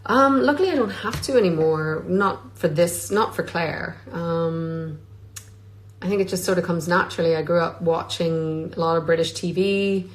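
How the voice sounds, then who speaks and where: A woman's voice: lowish voice, normal speed, poor audio. A woman, an actress, chatting casually on a phone live stream from Scotland, reading fan questions aloud and answering with plenty of filler ums. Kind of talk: casual livestream Q&A. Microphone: phone on a social media live stream.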